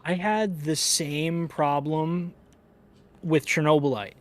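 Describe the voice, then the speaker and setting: A man co-hosting a casual gaming podcast, talking in an animated, profane, ranting way. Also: on the high side, slow. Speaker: podcast co-host.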